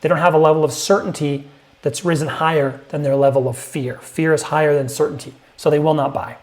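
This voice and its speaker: A man gives a sales lesson in a direct, emphatic way, hitting his points hard. His voice sits a little high for a man. Now and then he lifts it further to mimic a hesitant prospect. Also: fairly even intonation, fairly quick, darkish tone. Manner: emphatic, punchy, acts out prospect lines in a higher voice. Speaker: sales coach.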